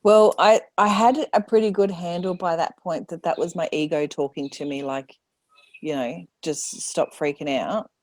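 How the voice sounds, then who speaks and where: Low-voiced candid woman, dry sound. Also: fairly even intonation, moderate pace, darkish tone, no room sound. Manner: candid, quotes her own inner voice, laughs often. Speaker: podcast guest. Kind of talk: casual conversation.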